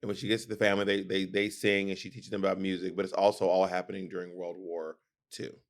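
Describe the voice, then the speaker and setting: A man's voice: low-pitched, flat delivery, fast. A man co-hosting a casual recap podcast, explaining plots at length with sassy, emphatic asides. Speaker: podcast co-host.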